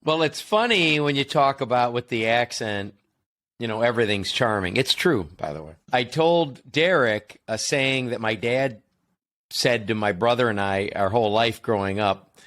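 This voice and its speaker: An American podcast host talks in an everyday conversational way. He keeps his pitch in the middle range and often doubles back with asides and restarts as he explains his points. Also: animated, normal speed, a bit bright. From United States. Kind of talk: casual podcast chat.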